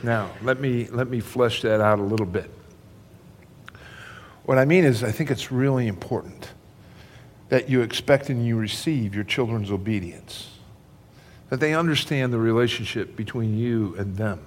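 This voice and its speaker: A man's voice: mid-range voice, moderate pace, long reverb tail, slight background noise. An older man preaching a sermon, talking conversationally and addressing his congregation directly. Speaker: pastor.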